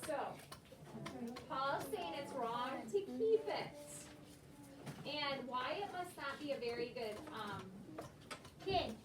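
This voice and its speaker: A woman's voice: sits high, lively intonation, takes it slowly, pauses often. A woman teacher leading a reading lesson in a classroom, patiently prompting pupils and explaining words. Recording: echoey classroom from far off, loud noise.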